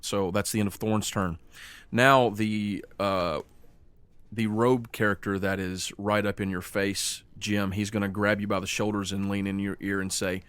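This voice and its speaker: Male game master, lowish voice, unhurried scene narration. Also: flat delivery, a bit bright, clear, resonant tone, no echo. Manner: slows down for dramatic scene narration.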